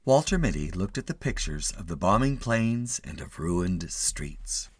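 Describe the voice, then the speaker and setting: A man reads a short story aloud in a low, expressive voice with lively rises and falls. The sound is dry and close, with faint music underneath. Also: dry recording. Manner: expressive, measured. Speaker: narrator. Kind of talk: storybook reading.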